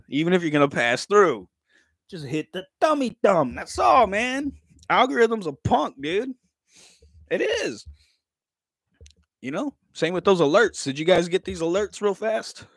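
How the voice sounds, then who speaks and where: A man in his thirties hosts a casual livestream, joking and laughing between lines. His pitch swings widely and sits a little high for a man. The sound is dry and close with no room around it. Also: a bit bright, no room sound. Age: 30s. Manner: laid-back, joking, laughs often, swears casually. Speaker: livestream vlogger.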